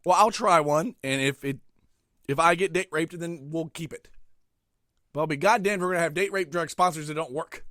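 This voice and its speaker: A middle-aged man hosting a podcast alone, ranting crudely and profanely with sudden loud outbursts while eating. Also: on the high side, a little fast, no room sound, clean studio sound. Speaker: podcast host. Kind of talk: solo comedic rant.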